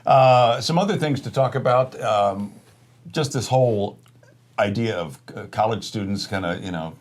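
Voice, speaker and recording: A man co-hosting a casual political talk show, steadily setting up topics and answering his partner with short agreements. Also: on the low side. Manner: steady, conversational, leads topics with brief agreements. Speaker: co-host.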